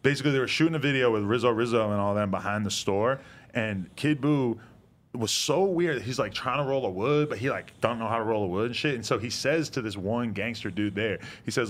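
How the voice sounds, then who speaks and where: A man's voice: mid-range voice, a little fast. A man chatting casually on a podcast, telling stories in a loose, profane way. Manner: laid-back storyteller, swears freely. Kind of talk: casual chat.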